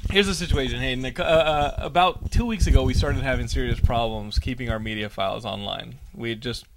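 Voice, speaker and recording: A man's voice: mid-range voice, a little fast, gravelly, a little hiss or hum. A man co-hosting a podcast in casual chat, rambling and jokey, often stumbling over his words. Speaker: podcast co-host.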